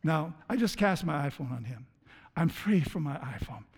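A man's voice: fairly high pitch, expressive, moderate pace, breathy edge, long reverb tail. A man preaching a sermon as pastor, earnest, often stumbling over and repeating his words. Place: church.

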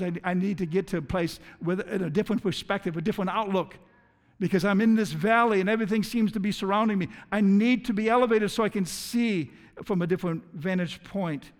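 A pastor with a strikingly high, somewhat dark-toned voice preaches to his congregation. He is earnest but keeps stumbling over words and repeating them before carrying on, and a long hall reverb follows each phrase.

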